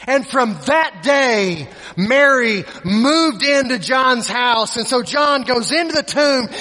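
Male preacher, very high and bright voice, slow deliberate storytelling, echoey hall. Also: lively intonation. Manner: repeats words, dramatic pauses, voices characters in quotes. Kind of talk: sermon storytelling.

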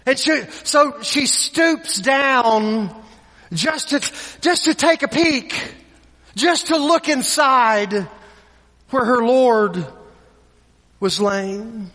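A man delivers a sermon in a strikingly high, bright voice, slow and deliberate, stumbling over repeated words as he retells the story. The sound carries a long reverb, as if from a large hall. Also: expressive. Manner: repeats words, dramatic pauses, voices characters in quotes. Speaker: preacher.

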